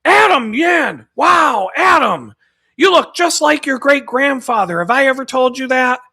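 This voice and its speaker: A man's voice: very high-pitched, expressive, unhurried, bright, forceful tone, breathy edge, pitched above the performer's own voice, heavily acted. A man voicing his elderly great-grandmother with dementia, who exclaims the same greeting over and over. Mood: delighted. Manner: exclaiming, repeating herself.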